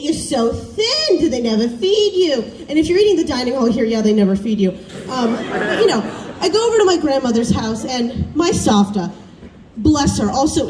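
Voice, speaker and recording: A woman's voice: fairly high pitch, slight background noise. Young Southern woman doing chatty stand-up. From American South. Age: young adult. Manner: self-deprecating, chatty, animated storytelling. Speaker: student stand-up comic. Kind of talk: stand-up comedy set. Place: campus showcase stage. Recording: roomy, distant stage recording with faint ambience.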